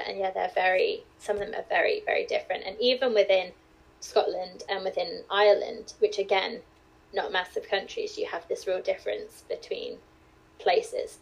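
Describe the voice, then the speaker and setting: A British woman with a formal English accent, speaking as a guest on a podcast. Her voice sits in a middle pitch for a woman. She chats easily, laughs often and hedges what she says. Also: gravelly, rough recording. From United Kingdom. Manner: chatty, laughs often, hedging. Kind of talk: casual podcast conversation.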